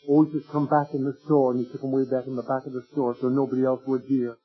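A man's voice: medium pitch, brisk, husky, soft background music. A man preaching an impassioned sermon, rising to wailing cries and stretching out his words. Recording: tinny phone-like old recording.

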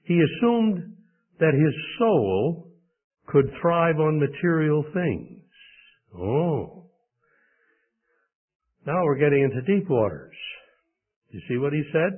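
A man's voice: on the high side, big pitch swings, slow pace, pauses often. A male preacher from the United States delivering an emphatic sermon with rhetorical questions. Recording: tinny phone-like sound.

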